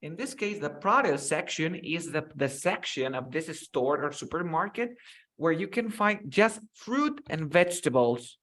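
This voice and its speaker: Young Spanish-speaking man, a touch high-voiced, tutoring English on a video call, repeating words for drills. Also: expressive, measured pace, a bit bright. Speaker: English teacher. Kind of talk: online English lesson.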